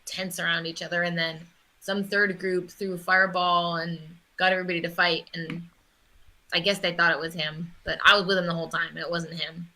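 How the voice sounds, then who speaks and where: A woman's voice: fairly low pitch, flat delivery, fairly quick, sharp tone, low-quality recording. A woman playing a tabletop game, chatting casually and asking lots of questions. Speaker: player.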